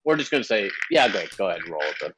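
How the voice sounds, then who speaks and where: Low-voiced man running a tabletop game. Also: very animated, rapid-fire, noisy background. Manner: hesitant, restarting, laughs often. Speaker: game master. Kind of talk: narrating a tabletop game over voice chat.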